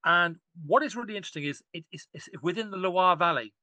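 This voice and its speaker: High-voiced and fast-talking, this archaeologist guest speaks in a bright, forceful tone, recorded with no room sound. In the relaxed podcast conversation he rambles eagerly, often restarting his sentences.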